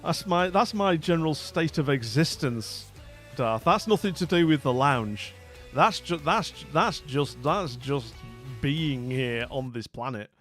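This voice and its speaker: A man's voice: on the high side, lively intonation, measured pace, fairly bright tone, faint music behind. A British man hosting a live stream, chatting casually with viewers in a rambling, self-mocking way. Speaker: streamer host.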